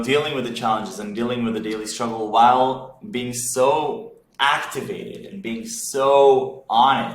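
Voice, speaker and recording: A man hosting a podcast, asking long halting questions and repeating words. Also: fairly low pitch. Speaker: podcast host. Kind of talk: interview questions. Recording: echoey room with faint noise.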